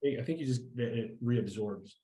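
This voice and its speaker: A man running a tabletop game as game master, halting and often breaking into laughter. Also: medium pitch, mellow, echoey room, rough recording.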